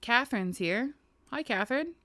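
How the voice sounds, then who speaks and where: A woman's voice: a little high, expressive, moderate pace, fairly bright tone. A woman casually commenting on her life-sim game as she plays, chatty and giggly, talking to her game characters. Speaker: gaming video host. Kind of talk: casual let's-play commentary.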